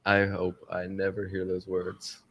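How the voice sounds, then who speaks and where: A man's voice: low-pitched, monotone, a little slow, slightly rough, lo-fi sound. A man co-hosting a podcast, sheepish and giggly in casual chat.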